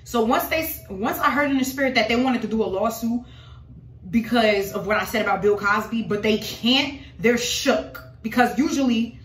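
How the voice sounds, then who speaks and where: A religious vlogger with a fairly high voice talks at normal speed to her followers about her faith, casual yet dramatic and emphatic, calling them "y'all." The room she's in sounds echoey.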